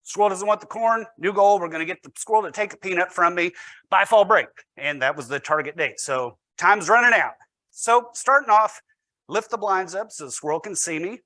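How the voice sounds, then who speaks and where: A man's voice: sits high, moderate pace, pushed and bright, no room sound. A man, a teacher, giving a storytelling presentation with wry, self-deprecating humor.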